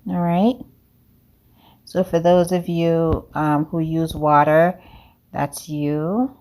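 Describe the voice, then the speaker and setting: A home cooking vlogger with a non-native English accent demonstrates a baking recipe, chatting upbeat and addressing viewers directly as "guys." Her voice is low-pitched and darkish in tone, with fairly even intonation and a slow pace.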